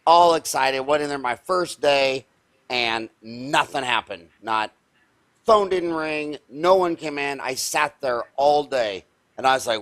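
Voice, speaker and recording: A man's voice: medium pitch, unhurried, a bit bright. A man in his fifties, hosting a show, telling a story with energy and emphasis in a folksy, conversational way. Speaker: podcast host, dentist.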